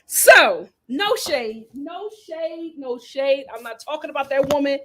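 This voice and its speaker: A woman hosting a casual reality TV recap, sassy and animated, laughing as she acts out what people said. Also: sits high, a little slow, noisy background. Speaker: host.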